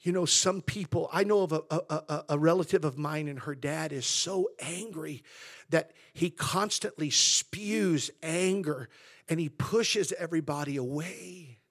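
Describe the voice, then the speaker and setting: A man preaches with a gravelly, husky voice at a mid pitch. He climbs louder and higher to drive points home, then sinks to a near whisper. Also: measured pace. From Southern California. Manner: swells loud and high for emphasis, then drops to hushed tones. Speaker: pastor. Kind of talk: sermon.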